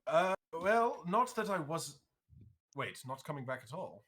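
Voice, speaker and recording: Male player in character, hesitant, forceful bright tone. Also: a little high, sing-song, unhurried, breathy edge. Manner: hesitant, laughing. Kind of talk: playing a character in a tabletop game.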